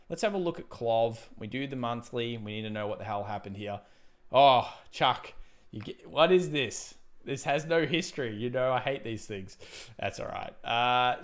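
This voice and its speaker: A man hosting a live trading stream, thinking aloud over charts and thanking viewers by name. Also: mid-range voice. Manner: reads out viewer donations and thanks them. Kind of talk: live market commentary.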